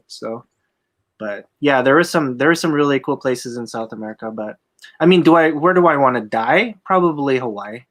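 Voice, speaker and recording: A man's voice: medium pitch, fairly bright tone. A man hosting a casual podcast, talking loosely with plenty of fillers. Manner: loose, laid-back, lots of fillers. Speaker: podcast host, casino dealer. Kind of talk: casual chat.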